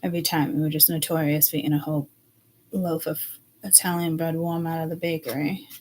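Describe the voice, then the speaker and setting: A middle-aged woman talks her way through a tarot reading in a loose, rambling style. Her voice sits on the low side. She is chatty and blunt and swears freely, with faint background noise behind her. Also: flat delivery, a little fast, darkish tone, rough recording. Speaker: psychic tarot reader. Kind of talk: casual rambling intuitive reading.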